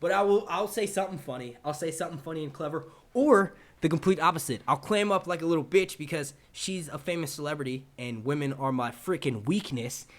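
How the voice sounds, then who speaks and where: A man's voice: a little high, brisk, few pauses. A young man hosting a casual live stream, swearing and laughing a lot as he reads out viewer comments. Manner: loose, profane and jokey, laughing often. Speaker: YouTube show host. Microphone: desk microphone.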